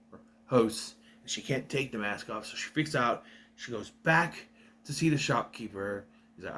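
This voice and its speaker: A man's voice: mid-range voice, a bit bright. A young man giving a casual, rambling review, recapping a plot and correcting himself as he goes. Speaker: video reviewer.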